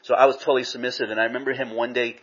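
Middle-aged male pastor, husky, conversational, on a muffled recording. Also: medium pitch, little pitch movement, very fast. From Southern California. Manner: conversational, frequent "you know" asides. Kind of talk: sermon with personal storytelling. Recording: dull lo-fi recording.

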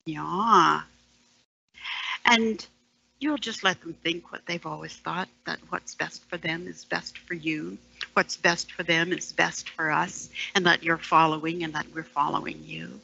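Slow, sardonic woman poet. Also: fairly low pitch, fairly even intonation, gravelly, husky, highs cut off. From Canada, Ontario. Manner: sardonic, with hushed whispered asides. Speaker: storyteller and poet. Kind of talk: dramatic poetry performance.

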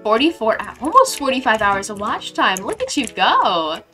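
Young woman streamer, casual game chat, bubbly and playful; slightly high, bright tone. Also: sing-song, moderate pace, faint music behind. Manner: bubbly, gushing thanks to chat, playful slang. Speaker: live streamer.

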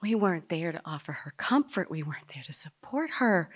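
A woman telling a personal story to a live audience, dramatic and speaking straight to the listeners, sometimes dropping to a hush. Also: low voice, very animated, brisk. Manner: dramatic, drops to a hush at tender moments.

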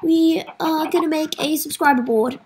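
A woman's voice: high-pitched, steady tone, normal speed, a little mellow, slight background noise, poor audio. A woman hosting a casual game playthrough, speaking straight to her viewers in a melodramatic way. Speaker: gaming channel host. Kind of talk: casual let's-play commentary.

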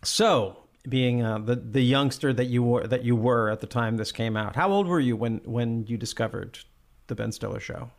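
A man hosts a podcast with a measured, wry delivery. His wording is precise, as if read from a script. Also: mid-range voice. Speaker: podcast host. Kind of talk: scripted intro, then casual chat.

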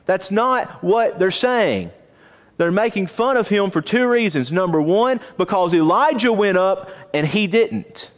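A man teaching a Bible class in a church auditorium, lively and questioning his listeners. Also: high-pitched, measured pace. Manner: animated, asks the class questions. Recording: long reverb of a church auditorium.

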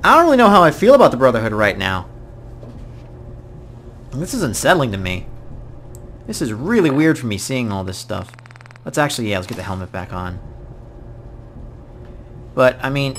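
A man giving casual let's-play commentary, excitable, swinging from mumbling to loud outbursts. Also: mid-range voice, moderate pace, pauses often, slight background noise. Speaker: gaming YouTuber.

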